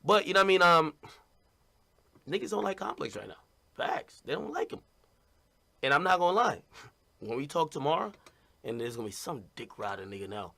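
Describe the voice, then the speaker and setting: A man's voice: on the high side, expressive, a little fast, creaky, long pauses, sharp tone. A man talking casually and bluntly to his stream audience, rambling and repeating "you know what I mean".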